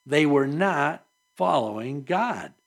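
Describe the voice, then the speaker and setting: Earnest preaching man, fairly high voice. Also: lively intonation, takes it slowly, vocal fry. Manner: earnest, conversational preaching with rhetorical questions. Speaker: pastor. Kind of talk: sermon.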